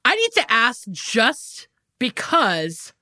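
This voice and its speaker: A woman's voice: fairly high pitch, wildly swooping pitch, slow pace, pushed and bright, dry recording, studio quality. A woman co-hosting a podcast, chatting casually and reacting with short exclamations. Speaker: podcast co-host. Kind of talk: casual chat.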